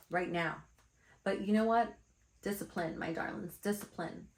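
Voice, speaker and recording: Gravelly woman giving a casual card reading. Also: medium pitch, a little slow. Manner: chatty, blunt, calls listeners darlings. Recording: echoey room.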